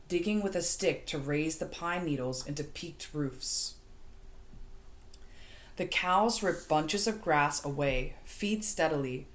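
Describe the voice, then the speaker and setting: A woman narrating an audiobook in the first person, steady and measured. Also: sits low. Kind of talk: audiobook reading.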